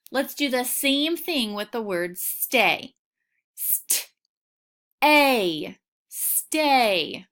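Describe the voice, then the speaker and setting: A woman teaching a recorded phonics lesson for children, patient and encouraging, sounding out each word clearly. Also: fairly high pitch, fairly bright tone. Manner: slow, clearly sounding out words.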